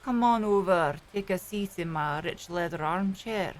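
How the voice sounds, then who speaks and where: A genteel, posh Edinburgh gentleman, put on by a woman in a streamed roleplay game. He speaks softly and slowly with a refined Scottish accent. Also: lowish voice, close to an everyday voice. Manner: soft, slow and refined.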